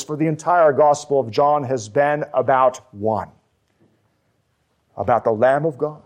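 Slow, emphatic preaching man. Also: fairly high pitch, darkish tone. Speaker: pastor. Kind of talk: sermon.

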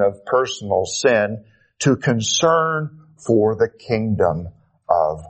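Earnest pastor, lowish voice. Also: male voice, very animated, poor audio. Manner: measured, earnest preaching with emphatic stresses. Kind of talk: scripture reading and sermon.

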